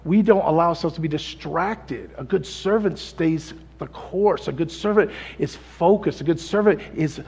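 A man preaching a sermon in a conversational style, calling for amens and swinging from loud peaks to low asides. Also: normal speed, hardly any pauses, slightly rough. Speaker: pastor. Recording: long hall reverb.

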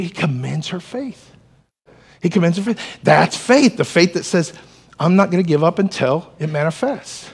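A man preaching to his church in an animated way, with joking asides and calls for the congregation to respond. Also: fairly high pitch, husky. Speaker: pastor. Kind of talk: sermon.

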